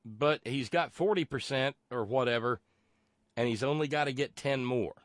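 Male call-in host, mid-pitched, blunt and profane, dry close recording. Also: no room sound. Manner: blunt, profane, halting with restarts. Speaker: radio talk show host. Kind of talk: call-in radio talk.

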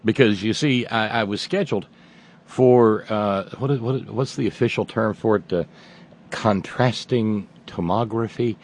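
A man's voice: fairly low pitch, moderate pace. A middle-aged man hosting a radio show, telling a casual, rambling story with restarts and wry asides. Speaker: radio host. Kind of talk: casual monologue.

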